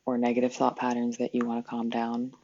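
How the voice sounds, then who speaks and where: This is a woman leading a live spiritual healing session in loose, rambling chat. She backtracks and laughs softly at herself as she goes. Her voice is husky and breathy, and the livestream sound is muffled and lo-fi. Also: a bass voice, monotone, a little fast. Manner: rambling, self-correcting, chuckles often. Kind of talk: casual livestream talk.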